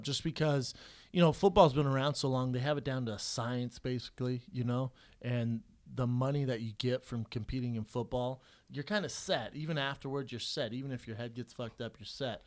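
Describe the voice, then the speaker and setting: A man's voice: mid-range voice, fairly quick. A man co-hosting a podcast, a former fighter telling stories in a casual chat, acting out what people said and swearing freely. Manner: animated storyteller who acts out quotes, profane.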